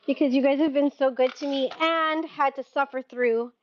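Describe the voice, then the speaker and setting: A woman with a high, bright-pitched voice chats through a live-stream sale, giggling and laughing at her own mix-ups. The sound is a little dull and lo-fi. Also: fairly even intonation, moderate pace, noisy background. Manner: giggly, chatty, laughs at herself. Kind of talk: casual live-stream selling chat.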